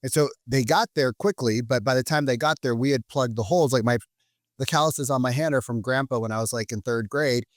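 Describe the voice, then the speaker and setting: A man telling stories as a podcast guest in a lively, casual way. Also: medium pitch, fairly quick, no room sound, studio quality. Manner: animated, acts out quoted people. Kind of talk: casual storytelling.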